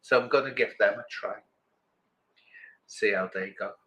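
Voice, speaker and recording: A man's voice: lowish voice, a little slow, a bit bright, rough recording. A middle-aged man, chatting casually with viewers on a livestream and rambling from one thought to the next. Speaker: livestream host.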